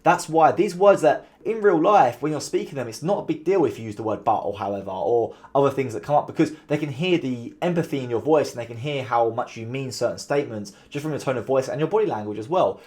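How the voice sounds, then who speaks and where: A man talking straight to camera, giving business advice in a casual, animated way and mimicking sarcastic tones to make his points. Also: mid-range voice, fast, hardly any pauses. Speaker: call center founder giving business advice.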